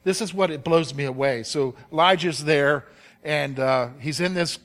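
A male preacher gives an emphatic sermon and keeps putting direct questions to his listeners. His voice sits high for a man and has a bright, ringing tone. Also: moderate pace.

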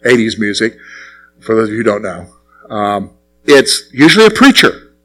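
A middle-aged man preaching a sermon as pastor, asking the congregation questions and answering them himself, with sudden drops to quiet asides. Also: big pitch swings, normal speed, soft background music, low-quality recording. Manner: swings between raised, punchy lines and low, quiet asides.

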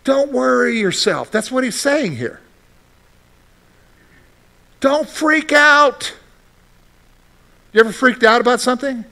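A middle-aged pastor with a high voice delivers a sermon. He reads scripture slowly and then preaches with lively rhetorical questions. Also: creaky.

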